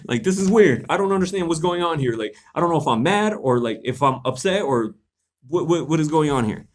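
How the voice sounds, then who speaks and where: Expressive and brisk, with a fairly high pitch, this young man answers viewer questions on a livestream. He stays casual and laid-back, using slang, joking and laughing often.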